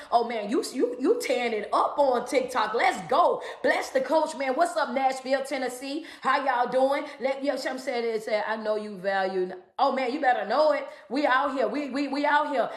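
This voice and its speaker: A woman life coach on a live stream, greeting viewers and giving a motivational talk, repeating her key phrases. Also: fairly high pitch. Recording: echoey room.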